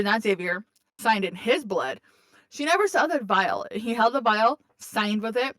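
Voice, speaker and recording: A woman's voice: a little high, no echo. A woman co-hosting a casual podcast, recapping a book in a chatty, profane way, laughing often and acting out the characters' lines. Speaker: podcast co-host.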